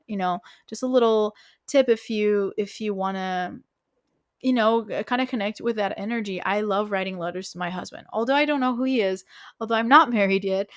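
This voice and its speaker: A woman's voice: mid-range voice, fairly bright tone, no echo, clean studio sound. Frank, emphatic woman giving dating advice. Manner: frank and emphatic, swears, many fillers. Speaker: podcast host. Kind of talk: casual advice talk.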